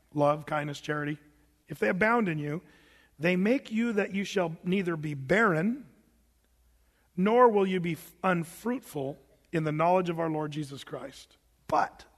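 High-voiced man preaching in a reverberant hall. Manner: conversational preaching with lively asides and acted-out quotes. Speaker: pastor. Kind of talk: sermon.

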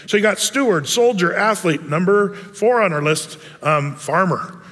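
A man's voice: high-pitched, lively intonation, a little slow, a bit bright, in a large hall. A middle-aged man from Oregon teaching a men's Bible study in a folksy, rambling way, with many fillers, restarts and humorous asides about his own life. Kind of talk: conversational Bible teaching with personal stories.

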